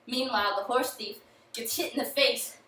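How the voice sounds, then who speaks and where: A young woman retelling a folk tale in a chatty, lively way, in an echoey room with the mic far off. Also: a little high, normal speed, a little hiss or hum. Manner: lively, chatty, uses "he's like". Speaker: student storyteller. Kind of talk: casual oral storytelling.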